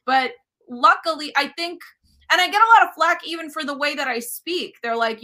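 A woman in her thirties, a cooking show host, chatting as an interview guest in an animated, self-deprecating way. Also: high-pitched, normal speed. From United States. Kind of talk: casual interview chat.

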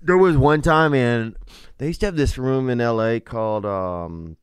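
A man, a stand-up comedian, telling stories in casual podcast talk, animated and swearing freely. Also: mid-range voice, unhurried, clean tone, dry recording. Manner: animated storyteller, swears freely, says "bro" and "dude".

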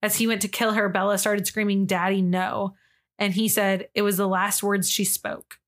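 Woman co-host for a true-crime podcast, mid-pitched, reads case notes and then gives her frank view. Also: flat delivery, normal speed. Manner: reads case details then gives blunt, disgusted opinions.

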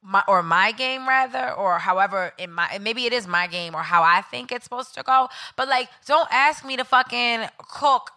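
A woman in her thirties co-hosting a podcast, telling profane, animated stories in casual chat and acting out what people said. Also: fairly high pitch, moderate pace, hardly any pauses. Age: 30s. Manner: animated storytelling, profane, acts out quotes. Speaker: podcast co-host.

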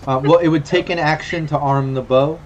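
A man's voice: fairly high pitch, fairly even intonation, fairly quick, lo-fi sound, a little hiss or hum. A man acting as game master, narrating and ruling on a tabletop game in a loose, rambling way. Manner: loose, rambling, lots of fillers.

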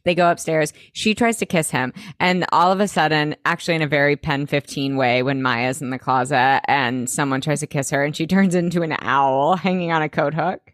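A woman's voice: low voice, dry recording. Woman podcast co-host, casual recap, playful character voices, dry close sound. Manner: animated, acts out characters in quick impressions. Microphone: close studio mic.

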